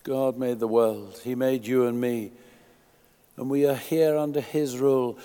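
A man preaching a sermon in a church, emphatic, swinging from quiet asides to loud declarations. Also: medium pitch, steady tone, a little slow, clean tone, long reverb tail.

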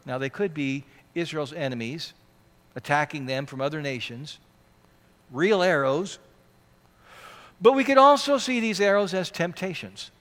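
High-voiced man preaching in a hall. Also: a bit bright. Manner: earnest preaching, rising and falling in volume for emphasis. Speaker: pastor. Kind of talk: sermon. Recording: hall reverb.

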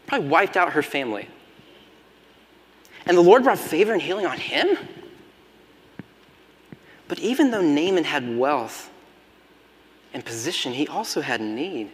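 A man's voice: a little high, very animated, measured pace, long pauses. Dynamic preacher man in a reverberant hall. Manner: dynamic, swings from loud emphatic preaching to hushed near-whispers. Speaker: pastor. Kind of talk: sermon.

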